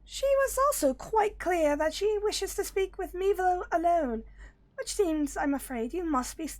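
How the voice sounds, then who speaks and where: A woman voicing a small, fussy rabbit creature from a game, in a high-pitched, overly polite voice. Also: animated, unhurried. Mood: eager. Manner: prim, overly polite phrasing.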